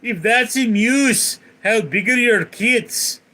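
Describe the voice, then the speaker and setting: A man voicing a boisterous Scotsman in a told joke, with loud, exclaiming delivery. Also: very high-pitched, slow, pitched above the performer's own voice, exaggerated voice, rough recording. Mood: joking.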